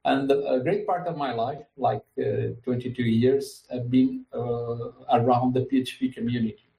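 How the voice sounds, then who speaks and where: A man in his fifties hosting a casual podcast, speaking in an unhurried way with slightly formal phrasing. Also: medium pitch, lively intonation, vocal fry, dark tone, reverberant, rough recording. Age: 50s. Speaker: podcast host.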